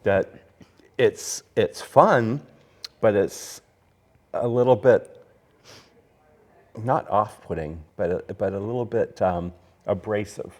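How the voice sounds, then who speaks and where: A man with a fairly low voice hosts a relaxed whiskey tasting conversation. He talks like a storyteller, circling back on himself with fillers and restarts. His tone stays easygoing and conversational. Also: slow, pauses often. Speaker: podcast host. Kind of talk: casual whiskey tasting chat.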